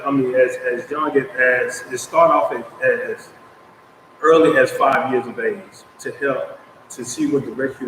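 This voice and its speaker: A man hosting an interview at a stadium, speaking haltingly and restarting phrases. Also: medium pitch, a bit bright, a little hiss or hum. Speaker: show host. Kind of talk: casual interview. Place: outdoors at a stadium. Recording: echoey, distant outdoor mic with faint ambience.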